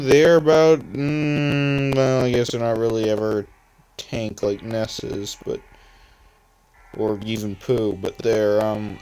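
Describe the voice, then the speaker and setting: An eighteen-year-old Canadian let's play host with a lowish, smooth, slightly mellow voice and fairly even intonation takes it slowly, rambling through casual gameplay commentary with chatty asides and frequent mid-sentence corrections. His phone screen-recorder mic gives low-quality audio with faint music behind.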